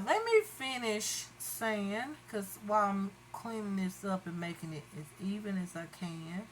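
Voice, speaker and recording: A woman's voice: mid-range voice, a bit bright, slight background noise, low-quality recording. A woman chatting casually to viewers while doing her makeup. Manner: chatty, addresses viewers as y'all. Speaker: beauty vlogger. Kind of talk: casual makeup tutorial chat.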